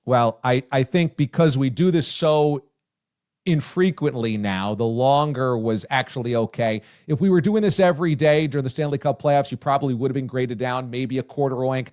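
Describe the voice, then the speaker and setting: A male show host interviewing a guest, loud and excitable, sometimes shouting his praise. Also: mid-range voice, moderate pace, clean tone. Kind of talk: casual interview chat.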